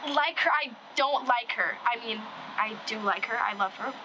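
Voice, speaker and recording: A young actress playing a shy, nervous teen girl about to start high school, speaking hesitantly and earnestly. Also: moderate pace, background noise, lightly acted. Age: teens.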